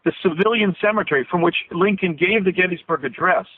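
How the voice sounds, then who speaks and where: A man's voice: sits high, fast, no echo. A man being interviewed as a guest on a radio show, telling a long story in earnest detail, his voice at times catching with emotion. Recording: tinny phone line, dry.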